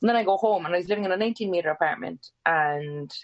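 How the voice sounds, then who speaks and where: A fast-talking Irish woman in her twenties, guesting on a podcast, recounts a story in casual chat. Lively and freely profane, she performs quoted lines with big pitch jumps, and the recording is lo-fi.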